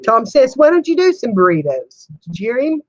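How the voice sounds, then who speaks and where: A woman's voice: fairly high pitch, very animated, brisk, darkish tone, no room sound, highs cut off. An older woman chatting casually with viewers on a home livestream, laughing often in a folksy way. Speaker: livestream host. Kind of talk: casual chat answering viewers.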